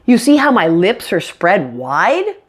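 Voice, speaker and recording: A woman teaching English pronunciation, clearly modeling words for learners to repeat. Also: medium pitch, big pitch swings, slow. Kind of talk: online pronunciation lesson. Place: indoors, on camera.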